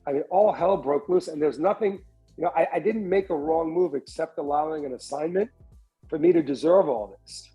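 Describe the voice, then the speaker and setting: New guy in his 40s telling his comeback story on a podcast, bit higher voice, restarts a lot, faint music behind. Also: low-quality recording. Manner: animated storyteller who acts out other people's lines; frequent restarts and repeated words. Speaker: restaurant entrepreneur, guest. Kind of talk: candid storytelling interview.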